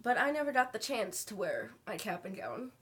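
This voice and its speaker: A young woman talking to her camera in her bedroom, telling an emotional story slowly and haltingly while fighting back tears. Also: medium pitch, very animated, fairly bright tone. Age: young adult. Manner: halting, slow, many pauses and fillers. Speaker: vlogger.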